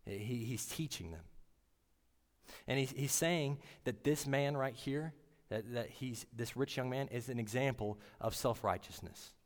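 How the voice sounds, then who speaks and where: Earnest man preaching in a reverberant room. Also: mid-range voice. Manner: earnest, halting, with frequent restarts. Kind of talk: sermon.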